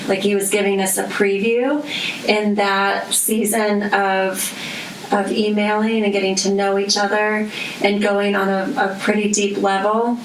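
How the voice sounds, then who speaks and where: Thoughtful woman guest, gravelly voice, picked up from afar with faint hiss. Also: mid-range voice. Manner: reflective, thoughtful. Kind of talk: personal storytelling interview. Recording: echoey, distant, faint noise.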